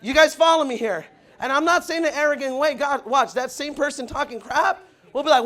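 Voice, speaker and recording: A man giving a loud, punchy motivational speech to new recruits, asking the crowd if they follow him, with the audience answering back. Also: very high voice, fairly quick. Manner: acts out quoted people in changed voices. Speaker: motivational speaker at recruit orientation. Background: audience responding.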